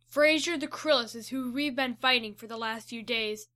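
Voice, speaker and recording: Give me a plain-spoken boy hero, as a woman narrator reads him, bright and a little high. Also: moderate pace, no echo, clean studio sound. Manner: plain, steady speech. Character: brave young boy hero.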